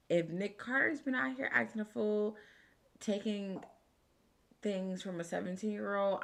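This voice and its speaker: A woman's voice: medium pitch, creaky, fairly bright tone. A woman co-hosting a casual true crime live stream, chatty and a little tipsy, reading viewer comments and sometimes dropping to a whisper. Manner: chatty, drops to whispers, slurs words a little.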